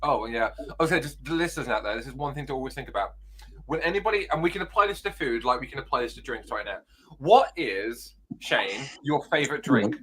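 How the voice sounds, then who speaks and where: Bright-voiced, rambling British podcast host. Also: male voice, medium pitch, lively intonation, fairly quick, breathy edge. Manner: playful, rambling, flustered asides. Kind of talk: casual chat.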